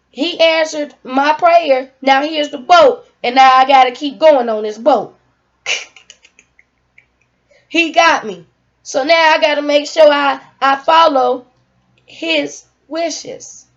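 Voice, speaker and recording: Young woman vlogger, high voice, venting and motivational, on a muffled lo-fi recording. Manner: emphatic, venting, informal. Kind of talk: casual talk to camera.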